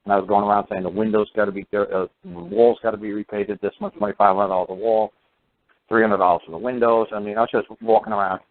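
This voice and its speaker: A low-voiced man hosts a talk show and tells a long story in a loose, casual way, full of restarts and fillers. The sound is thin and narrow, like a phone line on the radio. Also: quick pace, slight background noise. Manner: rambling, many fillers and restarts.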